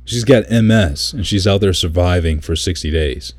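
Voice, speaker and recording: A man's voice: low voice, normal speed, darkish tone, husky, dry recording. A man chatting casually, telling a story with lots of swearing and mimicking people. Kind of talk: casual chat.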